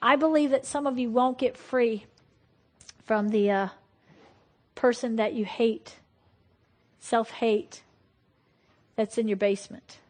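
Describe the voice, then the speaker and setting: A woman preaching a lively, conversational sermon and laughing often. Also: mid-range voice, husky. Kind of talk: sermon on deliverance.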